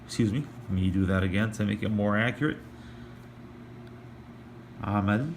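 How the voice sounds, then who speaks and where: A man teaching an online lesson in a casual, hesitant way, full of fillers and restarts, who slows down to demonstrate sounds. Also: lowish voice, fairly even intonation, a little hiss or hum. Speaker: language teacher.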